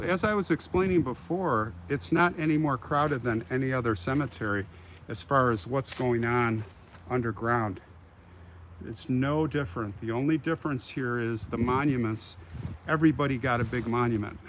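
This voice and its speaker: A man's voice: mid-range voice, fairly bright tone. An older American man hosting a live walking tour of a cemetery, chatting in a rambling way and answering viewer comments as he goes. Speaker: livestream host. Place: outdoors in a cemetery. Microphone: phone on a live stream. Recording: harsh noisy live-stream audio.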